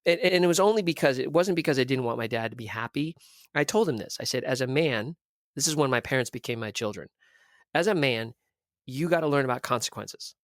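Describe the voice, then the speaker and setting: A man from Southern California talks through his past in a blunt, profane, animated way, slipping into the voices of people he quotes. His voice sits at an ordinary middle pitch, and it is recorded dry and close with little room sound. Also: a little fast, no echo. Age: 30s. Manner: blunt, profane, animated storyteller who acts out quoted dialogue. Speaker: podcast guest. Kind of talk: candid conversational storytelling.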